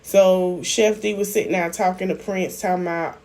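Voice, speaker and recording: Recapping a reality show on her own YouTube channel, this woman talks directly and chattily to viewers, addresses them as y'all and performs the quotes. She has a lowish, a little mellow voice at normal speed with fairly even intonation.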